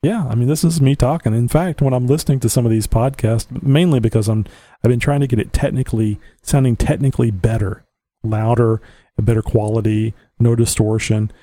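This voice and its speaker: A man's voice: mid-range voice, fairly even intonation, brisk, mellow, no echo. A man with a Southern US accent hosting his own podcast, rambling on in a blunt, opinionated way and chuckling to himself. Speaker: podcast host. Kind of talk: casual rambling monologue. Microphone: home podcast mic.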